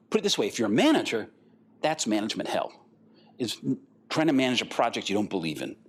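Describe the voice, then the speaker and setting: An older man giving a conference talk, animated and rambling, acting out the voices of the people in his stories. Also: mid-range voice, a little hiss or hum. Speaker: guest speaker.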